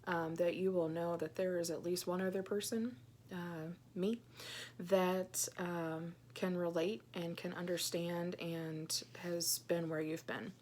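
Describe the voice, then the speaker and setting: Soft, hesitant woman in her thirties. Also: on the low side, level tone, takes it slowly, a little hiss or hum. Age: 30s. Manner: soft, hesitant, many ums; earnest and heartfelt. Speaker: Christian blogger. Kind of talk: personal vlog, reading her own journal aloud.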